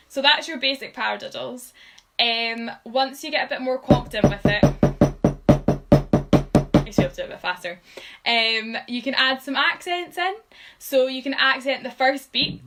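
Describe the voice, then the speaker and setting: A woman's voice: high-pitched, moderate pace, over loud music, poor audio. A woman giving a live-streamed drumming lesson, patiently counting beats aloud with frequent ums. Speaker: drum tutor.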